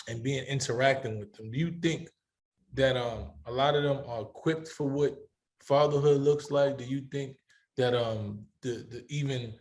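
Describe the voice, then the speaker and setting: This talk show host, a middle-aged man running a panel discussion, has a medium-pitched voice with a darkish tone. Passionate and emphatic, he repeats words to build up his argument.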